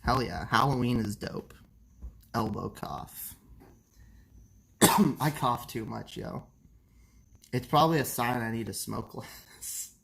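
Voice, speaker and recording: A young male streamer chats loosely and profanely, breaking off to cough. His voice sits at an ordinary pitch with a strong gravelly fry. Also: slow, pauses often, a bit bright, slight background noise. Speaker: livestream host. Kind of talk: casual late-night stream chat.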